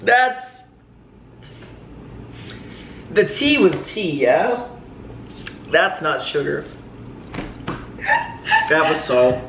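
Man, gravelly and wry, lively delivery, recorded in a roomy kitchen with clattering dishes. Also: on the high side, drawn-out words, pauses often, a little hiss or hum. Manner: wry and wary. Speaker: prank target. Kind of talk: casual banter. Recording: echoey room with clattering dishes.

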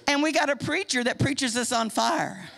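Older Midwestern woman, church speaker; high, gravelly, folksy emphatic sermon delivery. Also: moderate pace, fairly bright tone. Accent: Midwestern American. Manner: folksy, emphatic preaching to a congregation. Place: church sanctuary.

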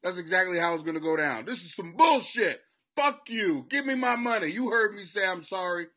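A high-pitched man with a bright, forceful edge rambles through a profane comedy monologue from his basement. He laughs at his own jokes and swears freely as he talks to listeners. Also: animated, fairly quick. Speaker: podcast host and comic. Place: home basement.

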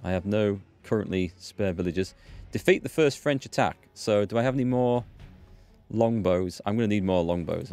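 A man with a low-pitched voice talks his way through a strategy game in a chatty, rambling manner. He thinks out loud and pokes fun at himself as he plays. Game music plays faintly in the background. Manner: chatty, rambling, self-deprecating. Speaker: let's play host. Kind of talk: casual gameplay commentary.

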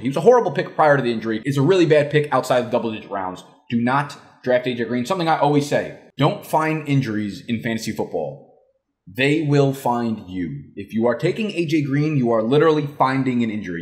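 A young man from New Jersey hosting a fantasy football show, talking loudly and emphatically with plenty of swearing. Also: mid-range voice. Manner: loud, emphatic, profane, yelling. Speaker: fantasy football analyst host. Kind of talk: casual ranting analysis.

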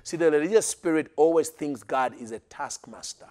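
A man's voice: on the high side, normal speed, few pauses, mellow, soft background music. A man preaching an emphatic sermon as pastor, acting out quotes along the way.

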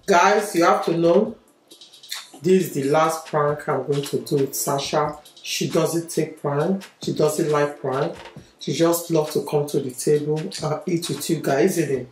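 A woman hosting a casual family vlog at home, talking gently and coaxingly to her child and viewers, often ending lines with "isn't it?". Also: sits low, measured pace. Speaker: family vlog host and mother. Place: home, at a dining table. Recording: echoey room with faint music.

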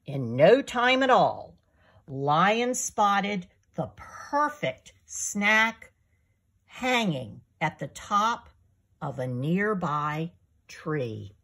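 A woman author reading her children's picture book aloud in an expressive storytelling manner. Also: on the low side, drawn-out words.

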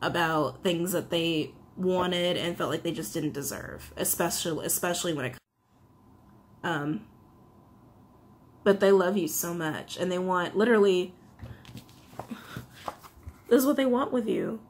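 A woman's voice: on the low side, measured pace, long pauses, slight background noise. Chatty woman giving a tarot reading. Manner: chatty, filler-heavy, emotional and confiding. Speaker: tarot reader. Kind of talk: casual tarot reading to camera.

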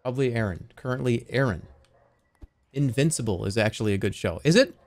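A man's voice: mid-range voice, animated, a little fast, a little mellow. A man livestreaming who chats casually and sarcastically, talking straight to his viewers. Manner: sarcastic, joking, talks straight to the chat.

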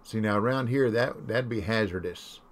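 A man's voice: on the low side, normal speed. Folksy man chatting while gaming. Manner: folksy, rambling storytelling. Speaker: game streamer. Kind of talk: casual chat while gaming.

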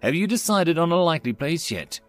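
A man's voice: on the high side, big pitch swings, brisk, no room sound, faint music behind, voice pushed up. A man doing a timid, stammering little alien. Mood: placating. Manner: stammering, placating, with many fillers. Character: small timid alien barkeep, male, nervous and friendly.

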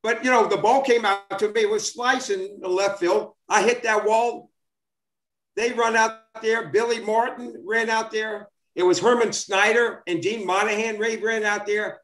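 A former baseball player in his seventies, here as a guest, casually rambles through old sports stories, full of fillers and restarts. His voice is high and a bit bright, with a steady tone at a moderate pace. The recording has a roomy echo.

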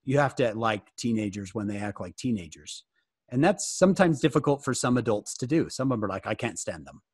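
A man talks to a youth group over a video call in a loose, joking way, tossing questions to his listeners as he goes. His voice sits at an ordinary middle pitch. The sound is close and dry, with no room echo. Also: fairly quick, breathy edge. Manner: joking, animated, asks the audience questions. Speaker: guest speaker answering youth questions. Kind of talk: casual fireside talk over video call.

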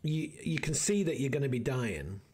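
A man's voice: mid-range voice, animated, normal speed, warm tone, slightly rough. A man hosting a let's play, muttering and thinking aloud as he plays, rambling with restarts. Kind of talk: casual gameplay commentary.

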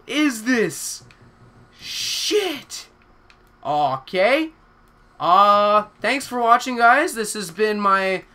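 A young male streamer talks through a zombie game in a bright, lively voice that jumps all over his range. He swears constantly and slides from slow, unhurried chatter into panicked yelling. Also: sits high. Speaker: gaming streamer. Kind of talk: live gameplay commentary.

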